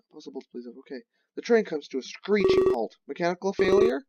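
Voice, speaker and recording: A man's voice: fairly high pitch, very animated, brisk, dull audio. A man playing a visual novel, reading the narration aloud and dropping wry, joking asides. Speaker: video game player. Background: loud game music.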